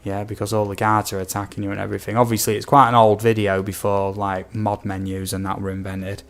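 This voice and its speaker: A man's voice: lowish voice, little pitch movement, fast talker, a bit bright. A young British man chatting casually on a game stream, reading out viewer questions with lots of ums and asides. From United Kingdom. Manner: rambling, reads out viewer comments with many ums. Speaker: gaming streamer. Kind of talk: casual live-stream chat.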